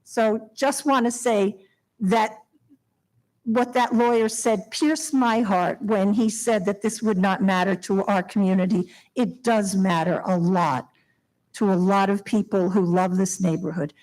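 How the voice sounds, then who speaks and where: A woman's voice: mid-range voice, fairly even intonation, measured pace, a little mellow, poor audio. Woman, 70s, Long Island resident; earnest, emotional public comment at a podium mic in a town meeting room. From Long Island, New York. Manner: emotional, heartfelt pleading with nervous laughs. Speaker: resident speaking at public hearing. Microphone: podium microphone.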